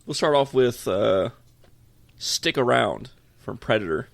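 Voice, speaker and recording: A man's voice: mid-range voice, expressive, unhurried, vocal fry, dry recording. A young man co-hosting a casual podcast chat, laughing often as he leads a ranking game. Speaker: podcast co-host.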